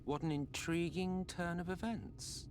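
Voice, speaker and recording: An actor voicing a smug, sardonic ancient villain in a video game, drawling and mocking. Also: male voice, a little high, fairly even intonation, measured pace, darkish tone, a little hiss or hum, close to an everyday voice.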